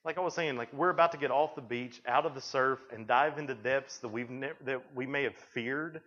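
A man's voice: mid-range voice, fairly quick, a bit bright. A man giving a chatty storytelling sermon to youth, acting out bits of dialogue as he goes. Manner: folksy, chatty, acts out dialogue in quotes. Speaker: youth speaker. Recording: dull lo-fi recording.

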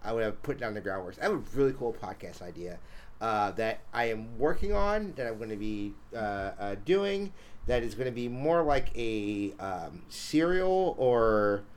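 A man's voice: fairly low pitch, animated, moderate pace. A man hosting a podcast in casual chat, rambling with fillers and restarts. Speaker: podcast host.

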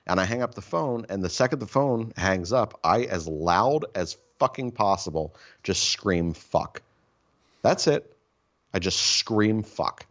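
Deep-voiced man telling profane rambling stories. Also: lively intonation, unhurried, a bit bright, muffled recording. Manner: profane, rambling, self-mocking storytelling. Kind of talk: casual storytelling chat.

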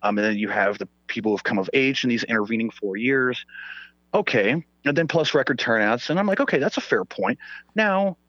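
A man's voice: animated, fairly quick, a bit bright, no echo, dull audio. A man in casual political chat, ranting and swearing, his voice jumping up when he is incredulous. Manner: rants, swears, pitch jumps when incredulous.

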